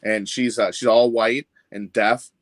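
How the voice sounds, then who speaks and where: A man's voice: lowish voice, flat delivery, unhurried, dry recording. Man, casual podcast talker, rambly, dry booth sound. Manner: rambling, with many restarts and filler words. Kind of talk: casual chat.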